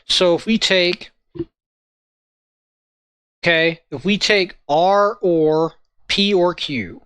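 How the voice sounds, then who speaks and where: A man walking viewers through a logic lesson in a halting way, often checking in with "right?" and "okay?". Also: high voice, a bit bright, smooth, no echo. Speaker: logic tutor. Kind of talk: informal lesson walkthrough.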